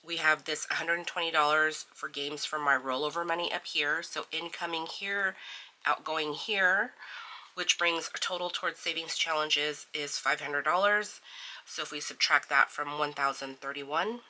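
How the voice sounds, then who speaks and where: A woman's voice: deep voice, steady tone, normal speed, pushed and bright. A middle-aged woman hosting a budgeting channel, chatting casually with many fillers while counting out cash. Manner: chatty, filler-heavy, counts money aloud.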